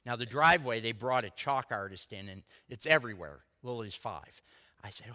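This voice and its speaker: A man preaching a sermon as a pastor, telling personal stories in a lively way that swings between loud bursts and hushed asides. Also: mid-range voice, moderate pace, big-room sound.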